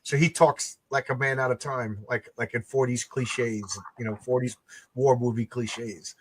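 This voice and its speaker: A man's voice: mid-range voice, steady tone, measured pace, a little hiss or hum. A man, a comic creator who also works construction, telling a rambling story in casual chat, stumbling and restarting his sentences. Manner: rambling, frequent stammered restarts.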